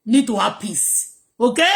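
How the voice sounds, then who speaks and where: A woman's voice: mid-range voice, creaky, echoey room. A Nigerian woman vlogging from home, ranting emphatically and repeating herself as she switches between Pidgin, English and Yoruba. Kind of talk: ranting monologue to viewers.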